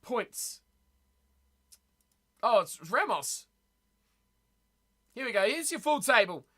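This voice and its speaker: A man's voice: extremely high pitch, big pitch swings, takes it slowly, pushed and bright. A man hosting a casual live stream, chatting loosely and answering his viewers as he talks, often repeating words. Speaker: streamer reading live chat.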